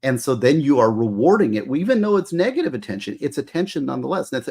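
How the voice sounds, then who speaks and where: A man's voice: on the high side, big pitch swings, fast talker, hardly any pauses, darkish tone, breathy edge. A middle-aged man, a former prosecutor, giving earnest advice in casual talk, lecturing with many restarts. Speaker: former juvenile prosecutor, guest.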